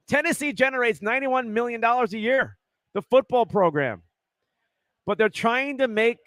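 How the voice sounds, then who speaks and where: A man hosting a sports podcast in casual chat, excitable and rambling, checking in with "right?" often. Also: high-pitched, no room sound. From Arizona. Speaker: podcast host.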